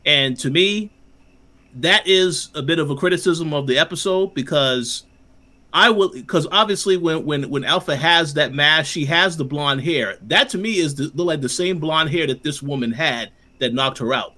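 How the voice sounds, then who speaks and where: A man's voice: on the high side, sharp tone. A man hosting a casual podcast discussion, stepping in to make his points. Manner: steers the talk, makes quick comments.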